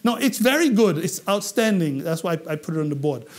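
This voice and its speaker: A man from England teaches a public speaking class in a high voice. He is animated and keeps checking that the class follows along with quick questions. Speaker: English public speaking trainer.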